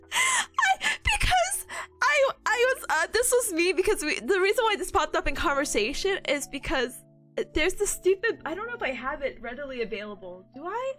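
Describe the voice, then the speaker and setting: A woman's voice: sits high, very animated, a little fast, a bit bright, soft background music. A woman streaming and chatting casually, telling stories in a bubbly, giggly way. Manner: giggly, bubbly storytelling, frequent laughter.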